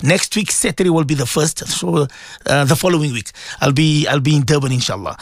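A man's voice: a little high, fairly quick, no echo. A middle-aged man, hosting a call-in radio show in casual, rambling chat and greeting listeners by name.

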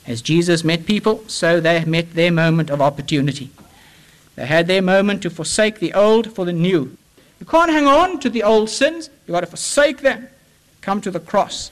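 A male preacher with a somewhat high voice delivers an impassioned sermon. He pleads with his listeners, swinging between ringing emphasis and hushed, drawn-out phrases. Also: rough recording. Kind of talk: evangelistic sermon.

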